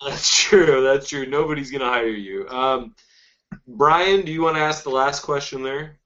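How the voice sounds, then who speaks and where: A man's voice: medium pitch, normal speed, fairly bright tone. A man hosting a comedy podcast, playful, with a mock-announcer tone. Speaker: podcast host. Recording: dull lo-fi podcast audio.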